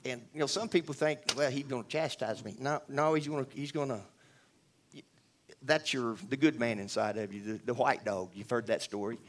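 A man's voice: mid-range voice, moderate pace, a bit bright, slight background noise. Man, church testimony, earnest, conversational, lots of restarts and asides to the room. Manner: rambling, earnest, with many restarts and asides to the audience. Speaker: church member giving testimony. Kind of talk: spoken testimony.

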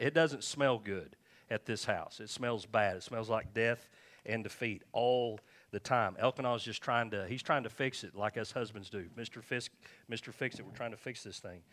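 Low-voiced man preaching a sermon. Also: fairly bright tone. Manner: conversational, repetitive, checking in with listeners. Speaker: pastor.

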